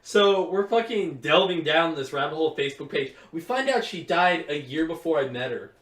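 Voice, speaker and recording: Speaking at a moderate pace, this high-voiced young podcast co-host tells stories in a casual chat, captured by a far-off mic with a roomy sound. He rambles and swears, acting out the quoted voices with animation.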